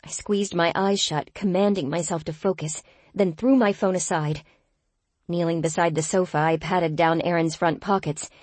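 A woman narrates a first-person audiobook in a tense, expressive reading. Her voice is low and husky, recorded close in a dead-dry studio. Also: no room sound.

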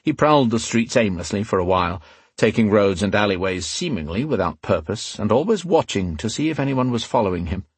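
A man reads a fantasy novel aloud in a steady, even storytelling voice. His voice is low and slightly husky. The recording is dry and close, with no room sound. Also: a little fast, dry recording. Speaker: narrator. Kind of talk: audiobook narration.

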